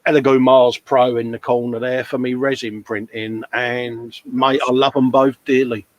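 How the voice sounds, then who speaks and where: A man's voice: medium pitch, little pitch movement, moderate pace, no room sound. Bloke rambling at his workbench, lots of mate and laughs, dead dry mic. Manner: chatty, matey, laughs often. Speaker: host of a live modelling show. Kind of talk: casual chat reading live comments.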